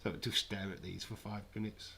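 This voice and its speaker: A man's voice: lowish voice, level tone, moderate pace, creaky, pushed and bright, slight background noise. A man hosting a live wrestling watch-along, chatting casually with sarcastic, rambling asides.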